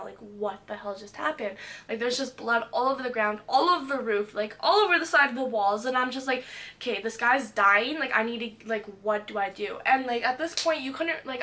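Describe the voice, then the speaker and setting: A young woman vlogger telling a wild story from her past in a storytime vlog, full of "like" and swearing, acting out what people said. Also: fairly high pitch. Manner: fillers "like" constantly, animated retelling, swears.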